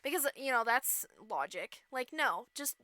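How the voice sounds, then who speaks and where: A woman co-hosting a podcast, retelling a fairy tale casually with profanity and quick character voices. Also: high-pitched, lively intonation, pushed and bright, no room sound. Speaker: podcast co-host. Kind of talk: casual comedic storytelling.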